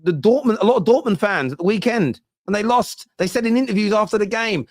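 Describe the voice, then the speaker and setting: A man hosting a football fan show, reacting fast to viewer comments in casual discussion. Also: high-pitched, animated, dry recording, clean studio sound.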